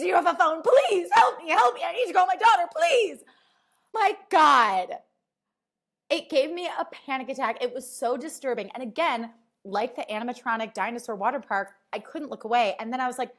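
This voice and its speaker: Chatty woman hosting a podcast. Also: mid-range voice. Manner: animated storytelling, acts out quoted voices; chatty, filler-heavy, swears freely. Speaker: podcast host. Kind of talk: casual chat.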